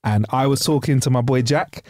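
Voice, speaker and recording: A man's voice: mid-range voice, moderate pace, darkish tone, no room sound. A young man, chatting and laughing through bawdy banter on a podcast. His voice sits mid-range, recorded dry and close. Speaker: podcast co-host. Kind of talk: casual chat.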